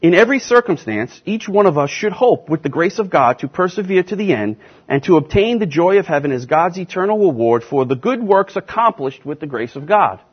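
Husky, emphatic male preacher. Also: on the high side, lively intonation. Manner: emphatic, stresses key words with slow deliberate repetition. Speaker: pastor teaching a class. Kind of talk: sermon-style Bible teaching. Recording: dull lo-fi recording.

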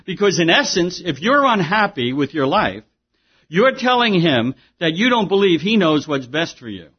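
Male pastor, somewhat high voice, conversational preacher given to restarts, dull lo-fi sermon recording. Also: sing-song, moderate pace, breathy edge.

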